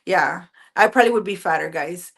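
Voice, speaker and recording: A woman guest, singer and police officer, chatting casually, animated and full of fillers. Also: lowish voice, brisk, vocal fry. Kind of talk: casual interview chat.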